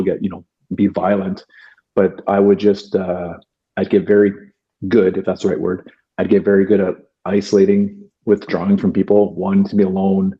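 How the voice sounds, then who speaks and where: Podcast guest, man from Canada, low warm voice, halting and earnest, dull lo-fi recording. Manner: earnest, halting, many fillers and restarts. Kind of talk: reflective interview talk.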